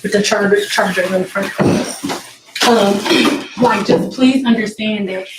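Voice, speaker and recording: A woman's voice: mid-range voice, fairly even intonation, unhurried, reverberant, recorded from a distance, very noisy. A woman hairstylist talking bluntly and candidly to her viewers from her salon. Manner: outspoken, blunt storytelling. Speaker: hairstylist vlogger. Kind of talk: candid vlog chat. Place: hair salon room.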